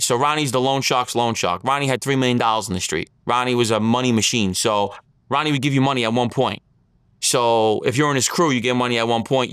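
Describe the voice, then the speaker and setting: A man's voice: mid-range voice, a bit bright, clean tone, no room sound, clean studio sound. Blunt New man telling stories. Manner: blunt street talk, acts out quotes. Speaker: interview guest, former mob associate. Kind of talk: casual storytelling interview.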